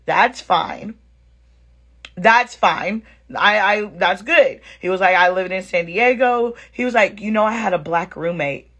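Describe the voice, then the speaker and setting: A woman vlogger at home recounts a dating story to camera, animatedly voicing both sides and tossing around slang like "girl" and "sis." Her medium-pitched voice moves at a moderate pace with few pauses, though the recording is muffled.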